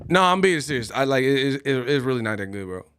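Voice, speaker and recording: A man's voice: mid-range voice, very animated, fast talker, a bit bright, a little hiss or hum. A man hosting a boxing live stream, joking and laughing often as he does impressions. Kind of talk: casual live-stream commentary.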